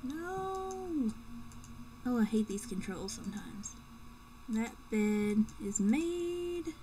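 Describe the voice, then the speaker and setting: A young woman plays a video game and comments casually as a let's play gamer, joking, swearing, and talking to herself. Her mid-range voice is mellow and animated but slow, with soft music in the background.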